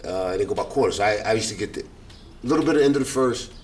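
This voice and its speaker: Fast-talking New man telling stories. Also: slight background noise. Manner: animated storyteller, acts out quoted voices with big pitch jumps. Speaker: guest, former basketball player. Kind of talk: casual storytelling interview.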